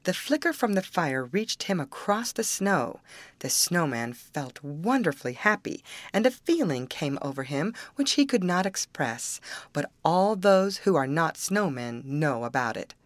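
A woman narrating a fairy tale in a gentle, expressive read-aloud style. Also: low voice, a little slow, no echo. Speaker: storyteller. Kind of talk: storybook narration.

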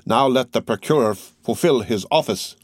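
A man's voice: mid-range voice, animated, normal speed, no room sound, studio quality, lightly acted. A man reading as a grief-stricken young lover. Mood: accusing. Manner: impassioned, pleading.

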